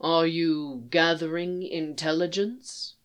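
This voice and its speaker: A woman reading a story aloud and voicing a poised alien male statesman who speaks in a dry, measured, quietly amused way, in a slow, soft and slightly distant tone. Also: low voice, fairly even intonation. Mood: probing.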